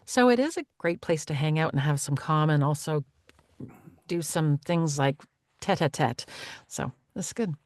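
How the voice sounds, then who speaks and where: A woman's voice: deep voice, expressive, unhurried, dry recording, studio quality. A woman co-hosting a podcast, chatting casually and agreeing often as she listens. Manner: warm agreeing, frequent backchannels. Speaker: podcast co-host and voice actor.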